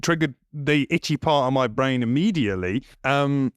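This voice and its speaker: A man's voice: medium pitch, expressive, normal speed, no room sound, studio quality. A man co-hosting a casual podcast, joking and laughing often, rambling with restarts. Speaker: podcast co-host.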